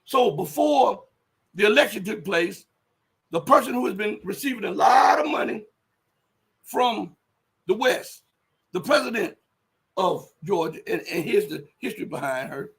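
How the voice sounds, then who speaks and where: A man hosting a livestream, giving casual political commentary in a rambling, emphatic way, breaking into loud outbursts and muttering while he searches online. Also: high voice, expressive, measured pace, gravelly, long pauses, low-quality recording. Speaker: livestream host.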